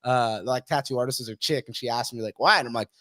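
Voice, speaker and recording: A man's voice: mid-range voice, fast, bright, forceful tone, no echo, studio quality. A man talking bluntly on a podcast, swearing a lot and acting out the people he quotes. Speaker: podcast guest. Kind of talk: casual podcast conversation.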